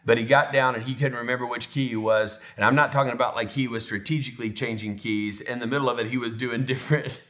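A middle-aged male pastor tells a personal story from the pulpit. His voice moves between animated, laughing storytelling and soft, hushed, tender moments. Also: mid-range voice, quick pace, hardly any pauses. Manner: emotional, animated storytelling, drops to near whisper when tender. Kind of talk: sermon storytelling.

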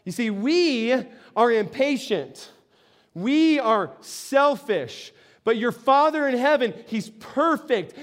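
A middle-aged pastor delivers his sermon like a casual story told to friends, breaking in often with a quick "right?" His voice sits very high for a man. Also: fairly bright tone. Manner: conversational storytelling with frequent "right?" asides.

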